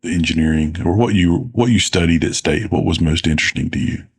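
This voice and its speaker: A male podcast host with a very deep, husky voice leads a casual interview. He sounds curious and often wanders into quick side questions.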